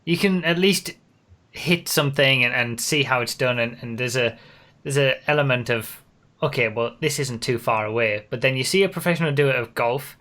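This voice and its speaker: Man, from the UK, podcast host, bright voice, casual chat, quick to laugh. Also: medium pitch.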